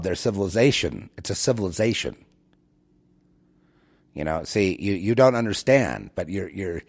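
Hosting his own show, this man talks straight to his audience in a preachy, meandering monologue riddled with restarts and repeated words. His voice sits low and has a slightly mellow quality.

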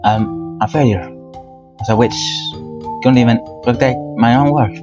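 A man voicing a gentle, sorrowful young sea witch girl in a game, speaking softly, slowly and hesitantly. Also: medium pitch, steady tone, lightly acted. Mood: despairing. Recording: dull, with game music behind.

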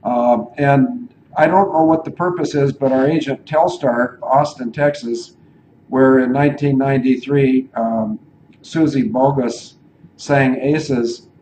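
A man's voice: medium pitch, fairly even intonation, measured pace, darkish tone, slight background noise, rough recording. A man hosting an online radio talk show, rambling and digressing as he thinks aloud. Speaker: show host.

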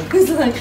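Slow, lively woman cooing to her dog. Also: on the high side, very noisy. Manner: affectionate baby talk to a pet. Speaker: vlog host and dog owner. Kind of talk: casual chat, talking to her dog. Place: at home.

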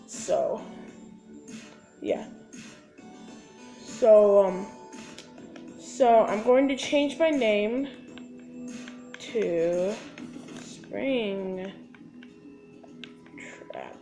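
A woman's voice: medium pitch, extremely slow, pauses often, mellow, soft background music. A woman casually commenting on her gameplay, chatty and talking straight to her viewers with little sound-effect words. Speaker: gaming video host.

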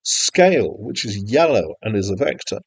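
A man's voice: lowish voice, expressive, normal speed, creaky, breathy edge, dry recording, low-quality recording. A man teaching game development over a screen recording, chatty and self-deprecating, with frequent filler words. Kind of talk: screen-recorded software tutorial.

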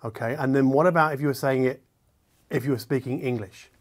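A man's voice: mid-range voice, fairly quick. A man hosting a hi-fi video, talking casually to camera from a room in his apartment, chatty and restarting his sentences as he goes. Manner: chatty, self-correcting with restarts. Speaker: hi-fi video host. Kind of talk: casual deadpan explainer to camera.

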